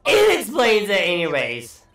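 A man's voice: high-pitched, wildly swooping pitch, measured pace, a bit bright, recorded from a distance. Profane rambling man, echoey and off-mic. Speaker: let's play host. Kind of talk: casual gameplay commentary. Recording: echoey room, voice off mic, faint music.

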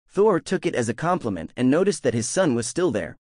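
A man narrating a fan-made audiobook of a fantasy web novel with expressive storytelling. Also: mid-range voice, brisk, dry recording, clean studio sound.

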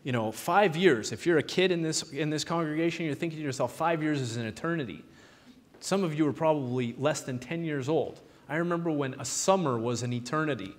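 A man preaching a sermon, retelling Bible stories with lively, animated delivery and quoting the figures in his own voice. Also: fairly high pitch, fairly quick, few pauses. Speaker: pastor. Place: church sanctuary. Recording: long hall reverb in a church.

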